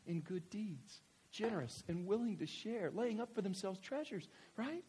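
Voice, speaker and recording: A middle-aged male pastor preaching a sermon in an animated, joking, conversational way. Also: high voice, takes it slowly, slight background noise.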